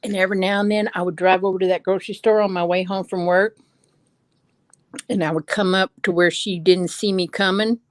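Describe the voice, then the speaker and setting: A woman's voice: medium pitch, steady tone, brisk, no echo. Woman telling chatty family stories. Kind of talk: casual storytelling.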